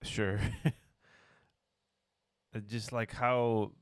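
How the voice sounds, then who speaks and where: A man's voice: on the low side, level tone, very slow, no echo, clean studio sound. A man co-hosting a podcast, giving brief laid-back replies and laughing easily in casual banter. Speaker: podcast co-host.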